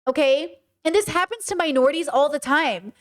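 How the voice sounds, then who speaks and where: A woman's voice: high-pitched, fairly quick. A woman streaming live commentary, talking passionately and emphatically and answering her chat.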